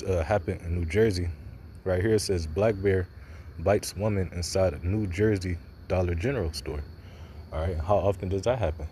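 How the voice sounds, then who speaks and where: Deep, dark-voiced man preaching loosely. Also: slight background noise. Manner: informal, loose, many fillers and repeated "all right". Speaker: religious commentator. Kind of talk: preaching commentary on a video.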